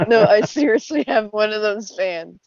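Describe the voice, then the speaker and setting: A woman's voice: medium pitch, darkish tone, muffled recording. A woman chatting and giggling on a comedy show over a video call. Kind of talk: casual comedic chat.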